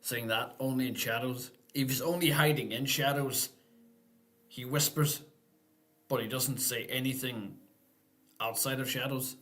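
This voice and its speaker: A man's voice: mid-range voice, fairly even intonation, a little slow, long pauses, fairly bright tone. A man hosting a casual live-stream Q&A, talking in an easygoing, rambling way and thinking aloud.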